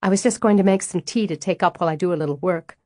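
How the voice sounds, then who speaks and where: Narrator as earnest young widow, apologetic, carefully polite, low-pitched read. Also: female voice, fast talker, warm tone, dry recording, clean studio sound, natural voice. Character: earnest, tightly wound young widow, a manager.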